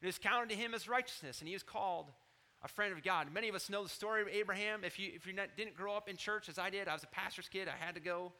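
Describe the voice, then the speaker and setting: A man in his thirties preaching a sermon as pastor, animated, rising loud on scripture quotes and dropping low to confide. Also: fast talker.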